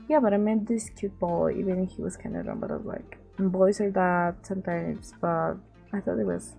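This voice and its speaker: A young woman with a Latin American accent spins a casual, rambling storytime, looping back on her words and voicing the people in it. Her voice sits low and has a gravelly fry, and faint music plays underneath. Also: darkish tone. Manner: rambling, repeats words, acts out quoted people. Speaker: vlogger.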